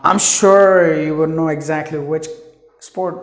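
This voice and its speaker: A man teaching English pronunciation from India, who repeats each word slowly and stresses its sounds. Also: a little high, fairly even intonation. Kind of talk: slow, patient pronunciation lesson. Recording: roomy echo.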